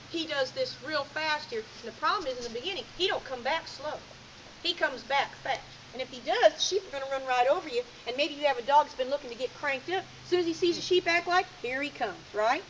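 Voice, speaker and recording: High-voiced folksy woman coaching outdoors. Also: highs cut off, slight background noise. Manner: folksy, direct, giving commands. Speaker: sheepdog training instructor. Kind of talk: hands-on coaching lesson. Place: outdoors in a sheep field.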